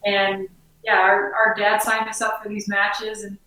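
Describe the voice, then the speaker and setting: A chatty Colorado woman, a former biathlete who now owns an outdoor gear shop, is interviewed casually inside the store. She speaks in a relaxed, filler-laden way with a mid-range voice at a measured pace, and the echoey room leaves her sounding far from the mic.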